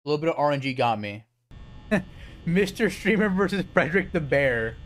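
A young man commentates his stream with a high, bouncing voice that leaps up and drops low again. He talks excitably, yelps and swears when startled, and whoops when things go his way. A faint noise floor sits behind him. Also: normal speed. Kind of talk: live gameplay commentary.

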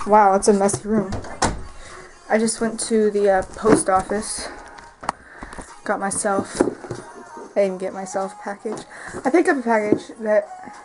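Teen girl vlogger, chatty and rambling, mid-pitched voice, faint hiss in the room. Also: steady tone, measured pace, pauses often. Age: teens. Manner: chatty, rambling, heavy use of "like". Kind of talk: casual vlog chat. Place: her bedroom at home.

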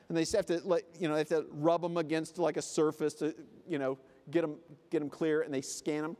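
A man's voice: a little high, a little fast, darkish tone. A man giving a comic motivational conference talk, acting out little scenes with funny voices. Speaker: keynote speaker. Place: convention hall. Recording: live hall reverb.

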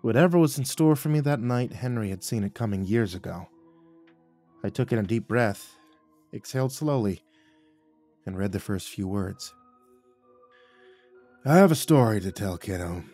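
A man's voice: fairly low pitch, moderate pace, pauses often, faint music behind. Dramatic man narrating a horror story. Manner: dramatic, jumps between hushed and loud. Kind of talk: scripted first-person horror narration.

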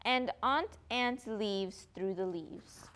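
A teenage girl reading a children's picture book aloud, deliberate, now and then correcting herself. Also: mid-range voice, a bit bright, slight background noise. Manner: deliberate, occasional self-corrections. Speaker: reader.

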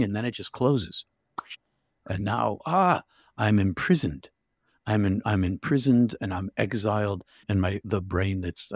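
A man's voice: fairly low pitch, no echo, clean studio sound. A man telling a personal story vividly and intensely as an interview guest, with frequent restarts.

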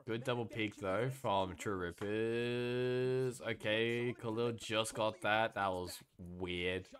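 A man streaming himself watching an esports match, commenting live and swinging into loud, exasperated rants, swearing when frustrated. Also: on the low side, fairly even intonation, takes it slowly.

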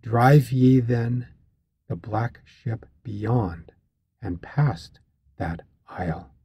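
A man voicing a grave, commanding sea captain from an ancient epic, speaking slowly and solemnly in archaic phrasing for an audiobook. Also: medium pitch, slightly rough, highs cut off, exaggerated voice. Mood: grave warning. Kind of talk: audiobook reading of a classic epic.

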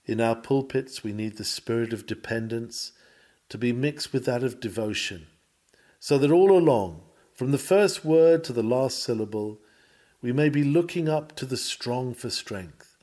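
A man's voice: medium pitch, unhurried, mellow. A man reading an old sermon lecture aloud, with a solemn, earnest preaching cadence.

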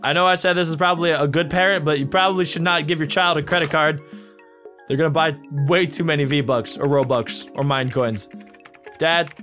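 A man giving casual, excitable and playful commentary while reacting to videos. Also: fairly high pitch, fairly quick, faint music behind.

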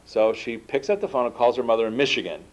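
Male author, lively storyteller with a mid-range voice, in a dull lo-fi lecture recording. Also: mid-range voice, fast talker. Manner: animated, acts out dialogue in the stories. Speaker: author giving a book talk. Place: lecture room at an institute.

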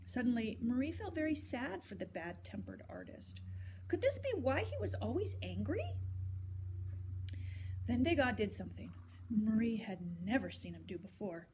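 A woman reading a children's story aloud, gentle and expressive. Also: fairly high pitch, normal speed, slight background noise.

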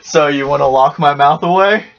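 A man's voice: on the high side, moderate pace, vocal fry, a bit bright. A young man playing a co-op video game with a friend, joking and teasing in casual chat. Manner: teasing, joking, laid-back. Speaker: let's play gamer. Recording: muffled lo-fi capture with game music. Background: game music.

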